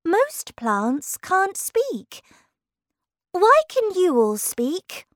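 A woman's voice: extremely high pitch, wildly swooping pitch, very slow, dry recording, studio quality, pitched above the performer's own voice, full character voice. A woman voicing a curious, polite young girl in a storybook reading, sounding eager and wide-eyed.

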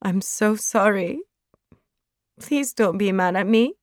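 A woman's voice: medium pitch, slow, no room sound, clean studio sound, pitched above the performer's own voice, natural voice. A woman reading as a lovesick teenage girl. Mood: tearful.

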